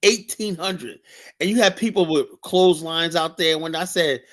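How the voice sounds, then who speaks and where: Animated man with a high-set voice. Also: moderate pace. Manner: animated, repetitive, swears often. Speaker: host. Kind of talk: heated casual debate talk.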